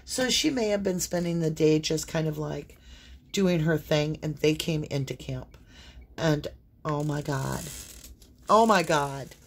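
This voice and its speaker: Husky low-voiced woman reading tarot. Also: a little slow. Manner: earnest, exclamatory, talks straight to viewers. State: fits of coughing. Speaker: tarot reader. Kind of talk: intuitive tarot reading monologue.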